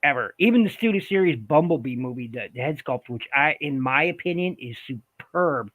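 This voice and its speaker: A man's voice: medium pitch, expressive, normal speed, fairly bright tone, no room sound. A man in casual panel chat, speaking emphatically and repeating himself for stress. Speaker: panel guest.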